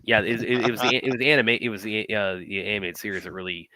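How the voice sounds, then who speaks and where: A man with a very low voice talks fast and bright, tripping over restarts and fillers. He is chatting casually on a podcast panel, and the sound is dry and close. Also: steady tone, no room sound. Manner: quick, with many restarts and fillers.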